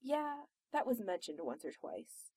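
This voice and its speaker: A woman reading aloud, voicing a brash, loud young woman who talks with blunt sarcasm. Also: on the high side, very animated, a little slow, breathy edge, no room sound, exaggerated voice. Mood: earnest.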